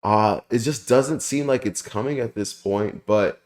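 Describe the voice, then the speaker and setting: A young man hosting a casual review channel, rambling excitedly with lots of fillers and the odd swear word. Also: on the low side, unhurried. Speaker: anime review channel host. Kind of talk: casual spoken manga chapter review. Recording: roomy echoey room.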